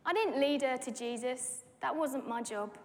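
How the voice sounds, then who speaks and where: A woman's voice: high voice, normal speed. Woman preaching in echoing hall. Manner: animated storytelling with acted-out dialogue. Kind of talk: sermon testimony. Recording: long hall reverb.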